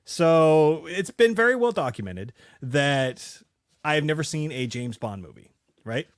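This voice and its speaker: A man in his forties talks as a podcast co-host, his pitch sitting a little high and jumping all over as he tells the story. He swears freely and keeps it lively. The sound is dry and close. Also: a little slow, no room sound. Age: 40s. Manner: animated, profane storytelling. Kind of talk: casual chat.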